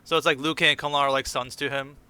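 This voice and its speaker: A man co-hosting a casual film review podcast, chiming in and quick to laugh. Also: mid-range voice, smooth. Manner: animated, quick to laugh, chimes in. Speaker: podcast co-host.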